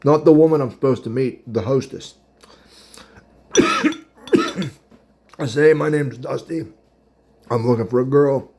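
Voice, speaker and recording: A man in his thirties spins a rambling, casual story, stopping now and then to chew his food and chuckle. His voice sits at an ordinary middle pitch, and cutlery clinks and dishes clatter behind him. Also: huge pitch swings, takes it slowly, long pauses, noisy background. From Pittsburgh area. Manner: rambling, chatty, laughs at his own story; eating while talking. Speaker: podcast host.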